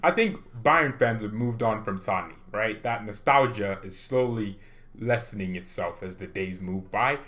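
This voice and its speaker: Low-voiced excitable football vlogger. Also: male voice. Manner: excitable, rambling, thinks aloud with rhetorical questions. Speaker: host of a football fan channel. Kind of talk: casual vlog commentary.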